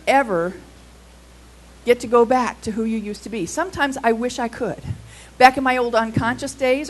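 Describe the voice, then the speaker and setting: Woman pastor, animated storyteller, slightly high voice, preaching to a congregation. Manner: animated storyteller with quick asides. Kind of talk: sermon with storytelling. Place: in front of a congregation.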